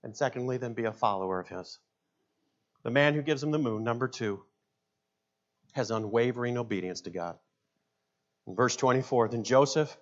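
A man in his fifties preaches to his congregation, mixing scripture with folksy stories and jokes. His voice sits in an ordinary male range. The recording is slightly dull and muffled. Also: mid-range voice. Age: 50s. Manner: folksy storytelling with jokes and asides. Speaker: pastor. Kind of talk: sermon.

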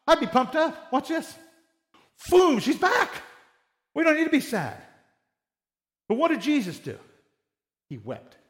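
A man preaching a sermon in a conversational, animated way, acting out little quoted exchanges. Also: high voice.

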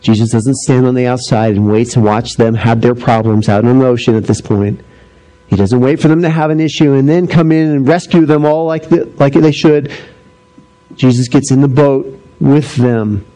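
A middle-aged man preaching a sermon, animated as he tells stories and acts out voices, dropping low and slow for solemn points. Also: poor audio. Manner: animated storytelling, acting out voices. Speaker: pastor.

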